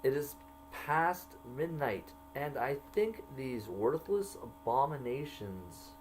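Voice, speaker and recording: A man slowly reading entries from his own jail journal aloud, marking each quoted line by saying quote and end quote. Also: mid-range voice, animated, slight background noise, rough recording.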